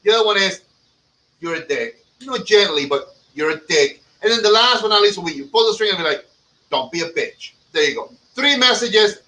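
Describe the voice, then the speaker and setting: A man co-hosting a casual chat, joking loudly and swearing a lot. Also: high-pitched, expressive, fast, few pauses. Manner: loud, joking, swears a lot, jumps into shouts. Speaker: podcast co-host. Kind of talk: casual profane banter. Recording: distant mic with faint background noise.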